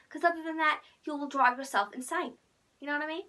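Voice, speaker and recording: A young woman chatting casually to camera as a vlogger, playful and a little croaky, sometimes dropping to a near whisper. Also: high-pitched, brisk, bright, forceful tone. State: slightly croaky.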